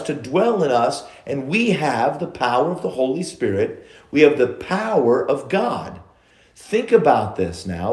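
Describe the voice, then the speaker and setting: Man preaching in an echoey church. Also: fairly high pitch. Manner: preaching storyteller, quotes old scripture language; swings between loud emphasis and hushed asides. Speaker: pastor. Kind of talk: sermon.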